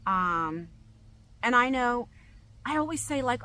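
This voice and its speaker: Middle-aged woman with a bright voice, speaking openly and emotionally to her subscribers, stumbling over her words. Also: mid-range voice, lively intonation, a little fast, poor audio. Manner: open, emotional, rambling with restarts. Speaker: vlogger. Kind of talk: emotional personal vlog.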